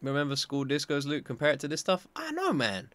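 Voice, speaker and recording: Rich: An excitable young man reacts to an anime, his voice swooping up and down with a bright, forceful edge. He chats casually and swears freely. The sound is close and dry. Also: fairly high pitch, a little fast, no room sound.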